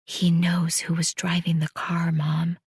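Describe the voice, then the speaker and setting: A woman voicing a somber teenage daughter who speaks flatly and tentatively, in an audiobook. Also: lowish voice, moderate pace, no echo, clean studio sound, pitched above the performer's own voice. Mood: hushed. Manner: flat, tentative delivery.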